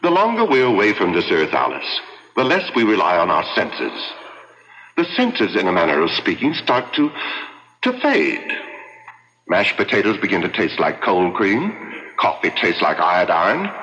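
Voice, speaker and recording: Sardonic ghost husband in an old radio play, low voice swinging all over, bright and echoey. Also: male voice, huge pitch swings, normal speed, exaggerated voice. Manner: drawling, sardonic. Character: wry ghost husband, dry and languid. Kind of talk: 1940s radio acting. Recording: muffled radio with hall reverb.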